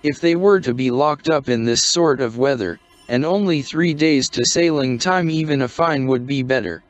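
A man reading a short story aloud in a measured, scripted narration. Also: mid-range voice. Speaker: audiobook narrator. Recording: dry, dull lo-fi recording.

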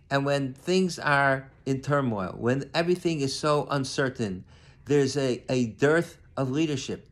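An older man, a rabbi, giving an earnest conversational sermon to his congregation, reading verses and then explaining them. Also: mid-range voice. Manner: earnest, conversational with many restarts, reads Hebrew verses then translates.

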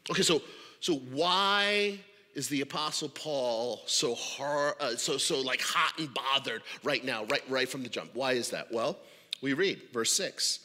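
A congested man preaching a sermon in an animated, stammering way, often repeating words. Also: medium pitch, measured pace, in a large hall. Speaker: pastor. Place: church auditorium.

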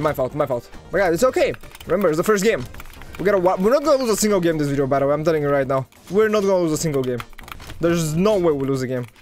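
A man with a fairly high, very lively voice commentates his own gameplay. He jumps between loud excited outbursts and quiet muttering, talking straight to his viewers. Faint music plays behind him. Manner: excitable, swings from loud hype to low muttering; talks to viewers as "guys". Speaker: gaming video creator.

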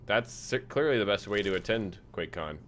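Brisk and lowish in pitch, a young man's voice carries a little hiss or hum. He casually chats over a game stream, relaxed, reading messages from viewers aloud with frequent fillers.

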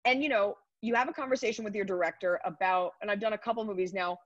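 A woman in her thirties, a comedian, chatting upbeat and quick in an interview over a video call. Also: mid-range voice, no room sound. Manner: chatty, upbeat, rapid asides. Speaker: comedian guest. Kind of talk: casual interview answers. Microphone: computer mic on a video call. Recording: dry, dull video call audio.

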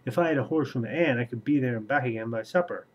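A man's voice: mid-range voice, fast, lo-fi sound, natural voice. A man reading the lines of a sulky, complaining younger brother in a fantasy story.

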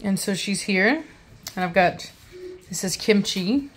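A woman's voice: medium pitch, animated, measured pace, slight background noise. A woman hosting a casual vlog about her puppies, chatting and slipping into cooing baby talk at them. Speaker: dog breeder and channel host.

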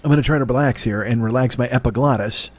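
A fast-talking man with a medium-pitched voice hosts his own comedy podcast, delivering a rambling, profane, self-mocking monologue. Now and then he bursts into silly crooning.

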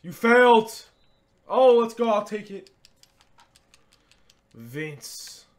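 A man giving live gameplay commentary as a gaming creator, excitable, swinging between low muttering and loud shouts and repeating catchphrases. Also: extremely slow. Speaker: gaming YouTuber.

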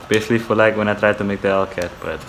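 Low-voiced man rambling over gameplay. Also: fairly even intonation, very fast, background noise. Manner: rambling, restarts, swears often. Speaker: gamer. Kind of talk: casual gameplay commentary.

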